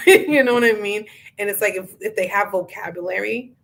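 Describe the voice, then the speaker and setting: A woman hosting a casual interview podcast, talking in an animated, chatty way and acting out inner voices with slang. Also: medium pitch, normal speed, gravelly, few pauses. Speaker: podcast host.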